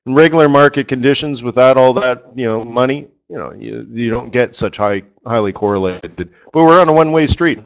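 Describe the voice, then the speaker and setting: A man's voice: medium pitch, brisk, creaky, hardly any pauses, highs cut off. A man coaching traders in a live webinar lesson, talking in a chatty, joking way and throwing out rhetorical questions. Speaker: forex trading coach.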